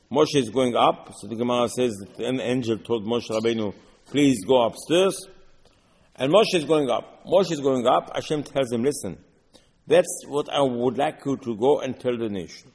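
A man giving a Torah lesson, explaining verses line by line in halting non-native English mixed with Hebrew. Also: mid-range voice, darkish tone, in a large hall. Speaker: Torah teacher.

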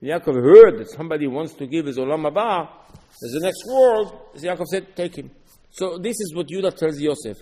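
Animated man teaching Torah, echoing hall. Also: a little high, fairly quick. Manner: animated, rhetorical questions, quotes verses in Hebrew. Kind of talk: Torah class in English.

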